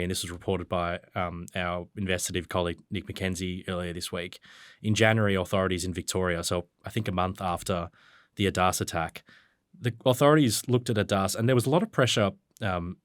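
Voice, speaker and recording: Deep-voiced Australian journalist. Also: male voice, no echo, clean studio sound. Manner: fluent, detailed, occasional ums and restarts. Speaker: journalist guest. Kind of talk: conversational news discussion.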